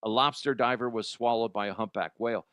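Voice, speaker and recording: Dude riffing on weird news, cussing a lot, rambly and amazed, dry close sound. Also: male voice, medium pitch, quick pace, fairly bright tone, no echo. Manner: profane, rambling, incredulous. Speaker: comedy news podcast host. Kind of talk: casual comedic news commentary.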